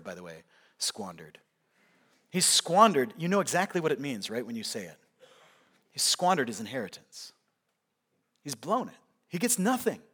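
A man preaching a sermon, swinging from loud, emphatic lines to hushed, quiet ones as he works through a passage. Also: fairly high pitch. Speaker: pastor.

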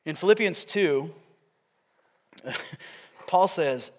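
A man's voice: on the high side, animated, normal speed, a bit bright. A man preaching a sermon as a pastor, conversational and often checking in with his listeners. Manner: conversational, asks the audience questions.

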